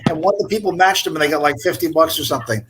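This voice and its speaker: A man's voice: fairly high pitch, background noise. Mock-formal man telling stories. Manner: measured, mock-formal storyteller. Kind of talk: casual group chat.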